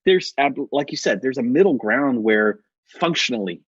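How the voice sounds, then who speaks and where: A man's voice: mid-range voice, lively intonation, moderate pace, husky, no echo. American male podcast guest, loose storyteller, laughs a lot, dry dull sound. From United States. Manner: rambling, self-correcting, laughs often. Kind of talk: casual interview storytelling.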